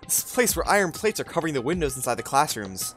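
A man's voice: a little high, very animated, very fast, a bit bright, soft background music. A man voicing an anxious, confused teenage boy student, reading game dialogue aloud in a questioning, nervous way. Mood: puzzled.

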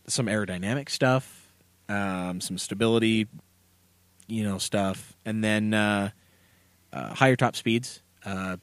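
A man's voice: lowish voice, slow, long pauses, smooth, dry recording. A man co-hosting a casual car podcast, rambling through stories with lots of fillers, recorded in a basement studio. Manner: rambling, filler-heavy storytelling. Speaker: podcast co-host.

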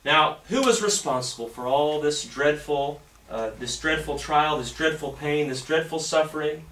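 A male pastor preaching a sermon and reading scripture aloud, often halting and repeating words. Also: on the high side, a bit bright. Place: church sanctuary. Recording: echoey church from a distance.

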